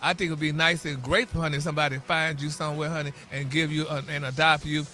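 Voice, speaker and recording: On a morning radio show, a man with a high voice for a man, bright and sharp in tone, dishes celebrity gossip at a quick pace. Animated, sassy, and opinionated, he drops "honey" and "y'all" into every line and bickers with his co-hosts.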